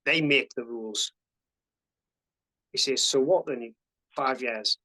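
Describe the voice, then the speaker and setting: A man's voice: mid-range voice, takes it slowly, sharp tone, poor audio. A man, a podcast guest telling a story casually, swearing freely and acting out what people said in a raised voice. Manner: swears freely, acts out quoted dialogue in a raised voice. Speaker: podcast guest, army veteran.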